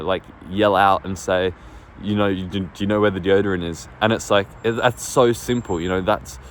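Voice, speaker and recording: A man vlogging outdoors on his phone, telling a story in a rambling, casual way, full of fillers and swearing. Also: lowish voice. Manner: rambling, lots of fillers and swearing, laughs often. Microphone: phone on small tripod. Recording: faint street and traffic noise.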